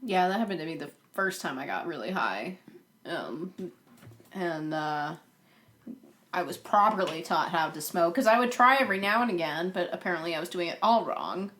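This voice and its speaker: A woman's voice: on the low side, moderate pace, slight background noise. A young woman co-hosting a podcast, telling a story in casual chat and laughing often as she goes. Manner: animated, laughs through her stories. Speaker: podcast co-host.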